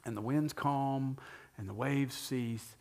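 A man who is a pastor, talking earnestly in a conversational, sermon-like way and slowing down to stress key phrases. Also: mid-range voice, vocal fry, a little mellow. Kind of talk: conversational sermon-style talk.

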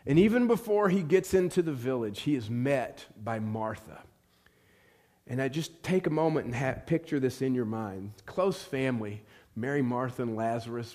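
A pastor with a mid-range voice tells a story during his sermon. He swings between hushed, quiet moments and loud, fervent passages.

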